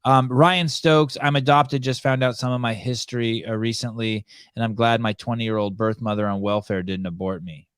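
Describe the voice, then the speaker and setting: A man hosting a live call-in podcast, talking in a rambling, halting way with many restarts. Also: mid-range voice, flat delivery, smooth, no room sound, clean studio sound. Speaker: podcast host.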